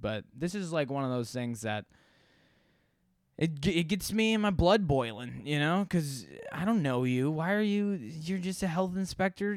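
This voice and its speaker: A man's voice: a little high, no room sound, clean studio sound. A young man hosting a podcast, telling a rambling, profane, exasperated story in casual monologue. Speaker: podcast host.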